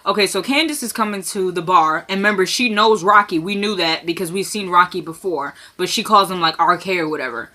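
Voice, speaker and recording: Bright chatty lady recapping a tv episode on her phone, living room, acts out the lines. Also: lowish voice, a little fast, few pauses. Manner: chatty, retells scenes by acting out characters' lines. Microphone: phone camera propped on something.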